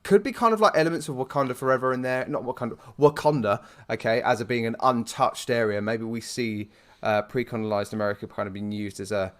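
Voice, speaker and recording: A man's voice: mid-range voice, fast talker, a bit bright. A young man co-hosting a casual podcast, rambling through his thoughts with plenty of fillers. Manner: rambling, frequent fillers and restarts, laughs easily. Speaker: podcast co-host. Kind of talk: casual chat.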